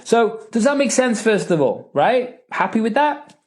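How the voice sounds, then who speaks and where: Brief: male coach, lively swooping pitch, emphatic, keeps asking "right?" while he teaches. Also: a little slow. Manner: animated, emphatic, checks in with "right?" and "okay?". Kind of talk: live Q&A teaching.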